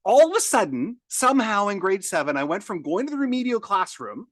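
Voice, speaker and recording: Upbeat guy guest on a podcast, kinda high voice, tells stories fast w lots of restarts, dry mic. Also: dry recording. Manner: energetic storyteller, many restarts. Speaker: guest speaker. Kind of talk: podcast interview.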